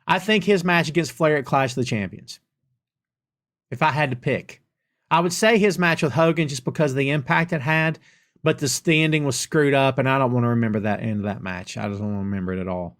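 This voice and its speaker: A middle-aged man hosting a podcast, reading out viewer questions and answering them with playful sarcasm in a relaxed live chat. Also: medium pitch, a little fast. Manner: reads viewer comments aloud and reacts with playful sarcasm. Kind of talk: casual live-stream chat.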